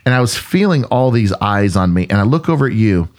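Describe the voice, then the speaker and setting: A middle-aged man, a pastor, telling a personal story in casual chat, earnest and animated, with many restarts. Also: fairly low pitch, fairly quick. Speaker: pastor and podcast co-host.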